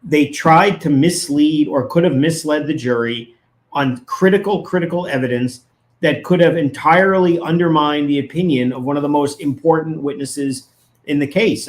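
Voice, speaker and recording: A man's voice: fairly high pitch, normal speed. A man, a lawyer, giving legal analysis as a guest in a casual interview, arguing his points emphatically and with indignation.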